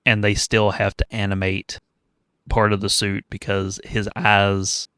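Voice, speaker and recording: A man's voice: lowish voice, completely flat delivery, unhurried, pushed and bright, smooth, dry recording. A man co-hosting a podcast, chatting casually about a movie with wry, analytical humor. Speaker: podcast co-host. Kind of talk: casual movie review chat.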